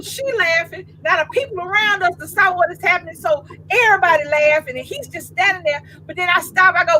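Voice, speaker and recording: High voiced lady in her 50s telling a funny club story, laughing a lot, slangy, a bit of hiss behind. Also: a little fast, hardly any pauses, rough recording. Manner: animated, laughing through a comic story, slangy. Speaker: co-host. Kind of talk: casual storytelling chat.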